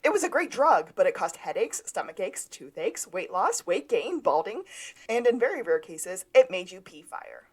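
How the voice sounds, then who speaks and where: Animated woman podcast co-host. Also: medium pitch, normal speed, slightly rough. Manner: animated, acts out quoted lines. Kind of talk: casual recap chat.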